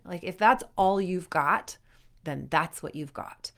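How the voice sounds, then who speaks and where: A young adult woman with a lowish, gravelly voice coaches athletes at a moderate pace, sounding animated. As a performance coach she's casual and chatty, scattering "like" everywhere and acting out people's inner thoughts.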